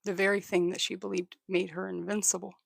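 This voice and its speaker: Very gravelly live storyteller. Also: medium pitch, flat delivery, fairly bright tone, no room sound, studio quality. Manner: halting, repeats and restarts words. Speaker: livestream host. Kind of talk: casual live storytelling, thanking viewers.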